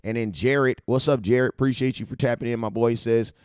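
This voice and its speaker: A man's voice: medium pitch, fairly even intonation, a little fast, clear, resonant tone, no echo, clean studio sound. Hyped, slangy man hosting a livestream. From California. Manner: hyped, slangy, shouting out viewers. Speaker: livestream host. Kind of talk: casual fan-show livestream chat.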